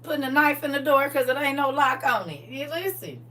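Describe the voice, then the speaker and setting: A woman of about forty telling stories from her past in a casual, animated way, full of slang and laughter. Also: high voice, brisk, far from the mic. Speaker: livestream co-host. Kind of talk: casual storytelling chat.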